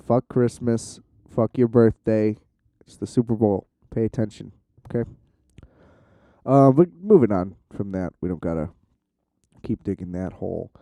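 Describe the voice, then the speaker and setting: A man's voice: fairly low pitch, warm tone, smooth, dry recording. A man hosting his own podcast, rambling casually with plenty of fillers and swearing. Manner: rambling, profane, lots of fillers; self-described shy. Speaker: podcast host. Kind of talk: casual solo podcast monologue.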